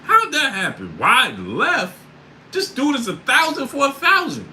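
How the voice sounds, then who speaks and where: Male stream host, bright and animated, prone to loud bursts of disbelief. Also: very high voice, measured pace, slight background noise, poor audio. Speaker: sports livestream host. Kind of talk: casual livestream chat.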